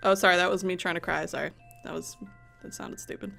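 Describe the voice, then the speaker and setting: A young woman reads a visual novel aloud in a bright, forceful voice, breaking off into expressive, foul-mouthed jokes. Faint music plays behind her. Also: fairly low pitch, quick pace, gravelly. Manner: expressive, profane, jokey asides. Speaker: let's play host. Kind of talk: reading a visual novel aloud with casual commentary.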